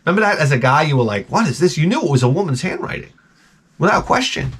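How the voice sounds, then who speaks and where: A man's voice: on the high side, very animated, quick pace, fairly bright tone, a little hiss or hum. A male vlog host rambling through a comedic rant, crude and heavy on profanity. His delivery is jokey and exaggerated, and he jumps from one tangent to the next. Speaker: YouTube host.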